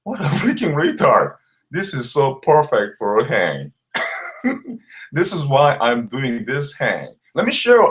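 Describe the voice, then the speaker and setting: A man delivering a mocking, scornful rant to the camera, laughing between insults. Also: medium pitch. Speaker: vlogger. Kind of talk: ranting callout video.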